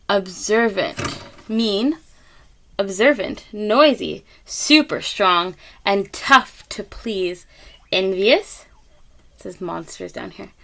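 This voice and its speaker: A woman reading a picture book aloud to children, gentle and expressive, with gasps and little asides to her listeners. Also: medium pitch. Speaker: read-aloud reader.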